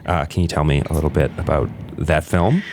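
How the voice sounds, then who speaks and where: A man's voice: extremely low pitch, a little fast, darkish tone, slight background noise. A man hosting a radio studio interview, asking his questions hesitantly with ums and restarts. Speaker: radio show host. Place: small radio station studio.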